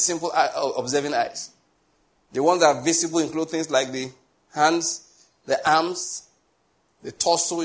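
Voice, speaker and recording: Joking Nigerian preacher, higher voice. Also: male voice. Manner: joking, digressive, laughs often between points; slow, spelled-out teaching with lists. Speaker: pastor. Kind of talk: sermon.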